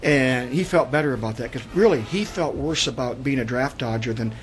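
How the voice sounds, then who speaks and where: A man's voice: mid-range voice, brisk, rough recording. Older man in his sixties, radio studio guest, rambling storyteller, stumbles and repeats words, faint music underneath. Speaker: guest, Vietnam veteran author.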